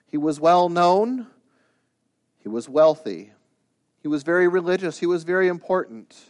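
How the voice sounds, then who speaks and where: A man's voice: fairly high pitch, a little mellow. A man preaching a sermon as pastor. He talks in an earnest, conversational way, then builds to emphatic, rising bursts. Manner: conversational asides with restarts.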